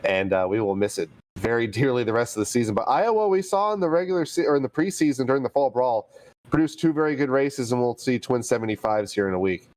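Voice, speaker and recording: Male racing co-commentator, middle pitch, keen and quick. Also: darkish tone, dry recording. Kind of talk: sim racing broadcast commentary.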